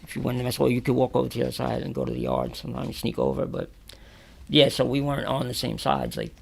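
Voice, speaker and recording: A man's voice: mid-range voice, fast, vocal fry, breathy edge. A man from New York, an interview guest, telling prison stories casually, swearing freely and acting out what people said. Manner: animated, acts out quotes with loud exclamations, swears freely. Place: radio or podcast studio.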